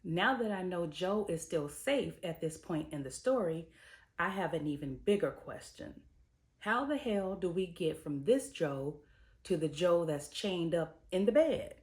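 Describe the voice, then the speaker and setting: A woman with a notably low, deep voice talks through a TV episode in a relaxed, chatty recap. She sprinkles in "um" and "you know" as she goes. She breaks things down like a screenwriter weighing each choice. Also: a little slow. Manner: analytical, weighing craft choices. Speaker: TV episode reviewer, screenwriter and producer. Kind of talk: casual spoken episode recap and commentary.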